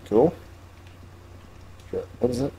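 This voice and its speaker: A man playing a video game live, cursing often and breaking into loud, high-pitched outbursts. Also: slow pace, crowd noise. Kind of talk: swearing live game commentary.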